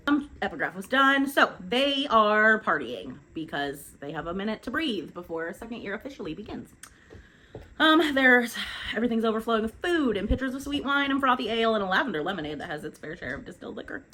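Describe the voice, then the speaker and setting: Fast-talking woman, casual book recap. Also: on the high side, animated, pushed and bright, a little hiss or hum. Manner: chatty, informal, swears, quick asides.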